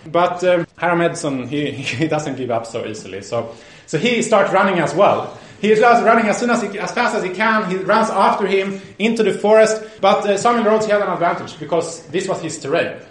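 A man preacher telling a story in a sermon, with a lively, animated delivery and frequent restarts. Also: fairly high pitch. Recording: roomy echo.

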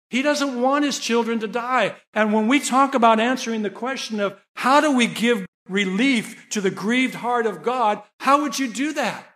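Earnest, high-voiced man preaching a sermon. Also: a bit bright. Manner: earnest, rising to pleading emphasis. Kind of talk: sermon with storytelling.

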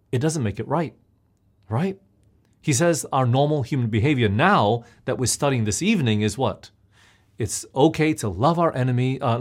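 A man delivers a sermon in a voice of middle pitch. He keeps turning to his listeners with questions as he preaches. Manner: asks the listeners questions often.

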